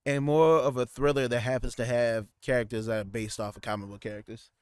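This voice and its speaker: A man's voice: medium pitch, steady tone, a little fast, clean tone, dry recording, studio quality. A man co-hosting a casual podcast, rambling with lots of restarts and fillers. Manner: rambling, many restarts and fillers, slips into goofy put-on voices. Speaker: podcast co-host. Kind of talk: casual chat.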